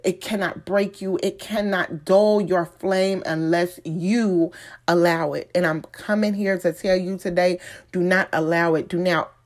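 A woman giving an inspirational speech, emphatic and repetitive, slowing down for effect. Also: on the low side, fairly even intonation. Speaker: motivational speaker.

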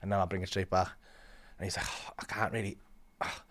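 A young man with a low-pitched, fairly quick voice shares a funny story on a podcast. Animated and laughing as he goes, he curses freely and performs the voices of the story's characters.

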